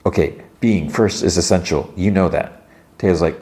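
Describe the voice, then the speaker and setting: A podcast host with a deep, dark-toned voice casually retells a TV episode scene by scene at a moderate pace. He recounts the scenes loosely and acts out bits of the characters' dialogue.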